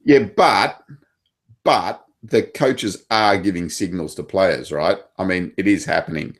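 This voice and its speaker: A man with an Australian accent and a very deep voice talks casually as a table tennis coach. He hesitates often, restarting his sentences and filling pauses. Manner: hesitant, many fillers and restarts. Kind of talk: casual chat.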